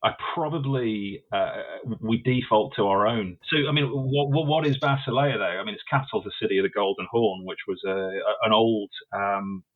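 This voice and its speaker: A man with a fairly low voice talks over a thin, tinny line that sounds like a phone call. He is a guest author in a relaxed interview, thinking aloud and tripping over repeated words as he goes. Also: moderate pace, few pauses. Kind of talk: casual interview conversation.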